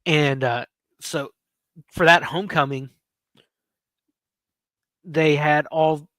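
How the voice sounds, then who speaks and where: In a slow, steady voice that's a little high and a bit bright, a livestream host in his late thirties tells meandering stories and plays around with his chat. It's casual viewer talk recorded with no room sound.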